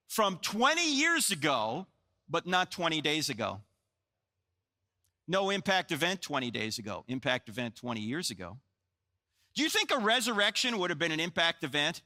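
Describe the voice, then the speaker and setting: Lively bright-voiced man in his sixties lecturing. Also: on the high side, normal speed. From New Jersey, USA. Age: 60s. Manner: animated storyteller, jokey asides, acts out dialogue. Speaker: Christian apologetics speaker. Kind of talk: live lecture to an audience. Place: large hall with live audience. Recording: long hall reverb.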